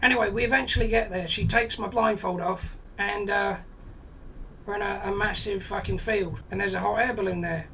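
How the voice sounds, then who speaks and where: Gravelly man telling a sweary comic story. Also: high voice, steady tone, moderate pace, bright, forceful tone, far from the mic, a little hiss or hum, poor audio. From England. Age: 40s. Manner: blunt, sweary, exasperated anecdote with quoted dialogue. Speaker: comedy storyteller.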